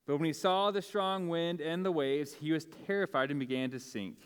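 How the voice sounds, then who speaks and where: A man gives a sermon to his congregation in a casual, conversational style, with many fillers and restarts. His voice is on the high side, clear and resonant, at a moderate pace. Long hall reverb from the church sanctuary surrounds it.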